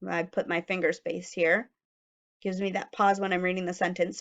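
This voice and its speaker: A woman teacher giving a phonics lesson to young children, sounding out letters slowly and clearly. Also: on the low side, level tone, dull audio.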